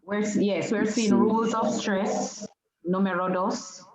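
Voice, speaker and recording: A woman's voice: mid-range voice, fairly even intonation, unhurried, crowd noise. Student woman on a dull, roomy call. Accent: Jamaican. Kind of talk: online class.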